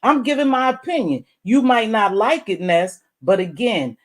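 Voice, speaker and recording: Blunt, animated middle-aged woman commentator. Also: normal speed. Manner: blunt and animated, swings high and loud when making a point; calls the listener "baby", curses freely. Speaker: YouTube commentator. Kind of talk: direct-address commentary vlog.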